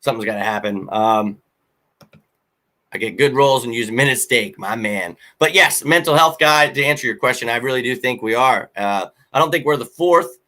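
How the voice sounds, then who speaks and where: Male sports show host, casual and blunt, bright forceful tone, fan rant delivery. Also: mid-range voice, moderate pace. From Philadelphia. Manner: blunt, animated fan rant with frequent fillers.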